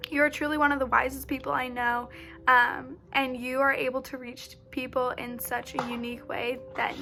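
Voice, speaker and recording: A woman's voice: sits high, vocal fry, bright, forceful tone. A young woman giving a gushing, affectionate recorded tribute to a close friend. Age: young adult. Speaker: college student giving a tribute.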